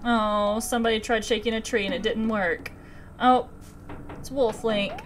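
Excitable woman, 20s, let's-play host; high voice, faint background music. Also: moderate pace. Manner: excitable, gasping and giggling. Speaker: gaming channel host.

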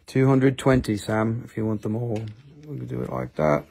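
Gravelly, teasing man. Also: mid-range voice, animated, moderate pace, a little mellow. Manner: teasing, joking banter with viewers. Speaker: live stream seller. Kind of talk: live selling stream chat.

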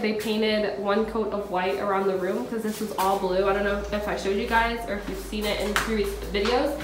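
A young woman from Georgia in the US, vlogging in a chatty, rambling way, slightly nasal from a cold. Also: mid-range voice. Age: young adult. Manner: chatty and rambling, with frequent fillers. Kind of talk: casual chat to camera. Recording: noisy background.

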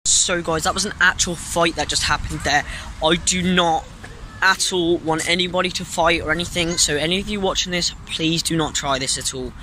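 A teenage boy vlogging outdoors by traffic, talking excitedly to his viewers and swearing freely. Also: fairly high pitch, moderate pace. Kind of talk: casual vlog talk to camera. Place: outdoors in an urban park by traffic. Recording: loud outdoor street noise.

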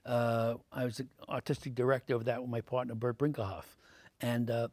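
An older man, an actor answering interview questions with lively anecdotes full of fillers, in a TV studio. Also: mid-range voice, brisk, no room sound. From Brooklyn, New York. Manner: animated anecdotes, many fillers, acts out quoted voices.

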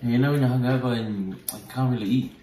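A hungover man co-hosting a casual vlog, mumbling in a low-energy, laid-back way. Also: steady tone, fast, dark tone. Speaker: vlog co-host. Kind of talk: casual chat. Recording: roomy, distant mic, noise.

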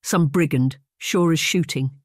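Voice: medium pitch, measured pace, no echo, clean studio sound, lightly acted. A narrator voicing a middle-aged Scottish laird, drunk, bullying and blustering as he bellows at his family. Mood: angry bellowing.

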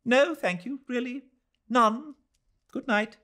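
A man voicing an elderly Englishwoman who is gentle, polite and quietly insistent, in a high breathy voice. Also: slow pace, heavily acted. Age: older. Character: elderly Englishwoman, gentle, startled yet firm.

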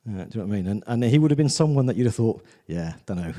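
A man gives a sermon in a church with a mellow, warm tone. He talks loosely and personally, stopping often to check in with the congregation. His pitch sits in a middle range. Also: animated, very fast, long reverb tail. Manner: conversational, repeats "do you know what I mean". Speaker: visiting preacher.

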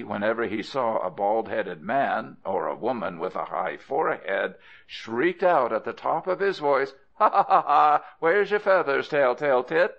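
A man narrating folk tales for an audiobook, expressive and adding playful asides to the listener. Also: on the low side, gravelly. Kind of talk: storybook narration. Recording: dull lo-fi audio.

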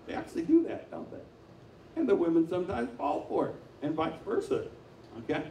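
Echoey, mellow-voiced male pastor preaching. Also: high voice, huge pitch swings, a little fast, creaky, slight background noise. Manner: conversational storytelling, acting out quotes. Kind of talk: sermon. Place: church sanctuary. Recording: echoey room, mic from far off.

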